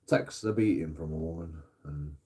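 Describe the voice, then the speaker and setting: A man's voice: extremely low pitch, moderate pace, a little mellow. A man with an English accent, a streamer ranting casually to viewers, rambling and swearing, laughing at his own story. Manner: rambling, profane, laughs at himself.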